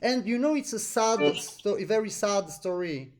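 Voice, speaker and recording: A man's voice: high voice, animated, moderate pace. A man teaching an online accordion master class over a video call, in non-native English. He sings syllables to show the phrasing. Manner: explains with sung syllables to demonstrate phrasing.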